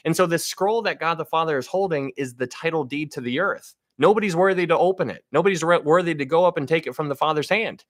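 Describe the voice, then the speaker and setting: A man's voice: on the high side, fast, hardly any pauses, no echo, studio quality. A man giving a casual Bible teaching on a livestream, speaking to viewers with enthusiasm and frequent restarts.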